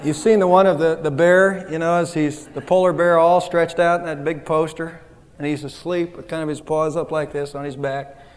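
A man's voice: a little high, fairly even intonation, normal speed, in a large hall. A man pastor giving a sermon in a conversational, self-deprecating way.

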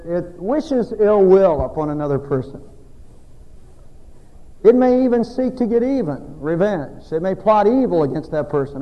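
A man preaching a sermon as a pastor, emphatic and folksy, with loud exhortation and quiet asides. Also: fairly high pitch, in a large hall, lo-fi sound. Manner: folksy, self-deprecating humor.

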